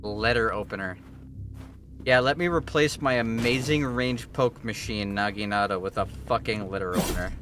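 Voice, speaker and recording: Excitable, swearing male game streamer. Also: on the low side, moderate pace. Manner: excitable, profane, joking. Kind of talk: live gameplay commentary. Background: game music.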